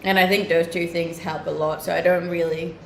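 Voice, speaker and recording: A young Scandinavian woman chats casually on a live stream, answering viewer comments, upbeat and often laughing. Her English is a mixed accent with a Scandinavian tinge, her first language being Scandinavian. Her voice is fairly low, flat, brisk and creaky, in a roomy, echoing recording with slight background noise.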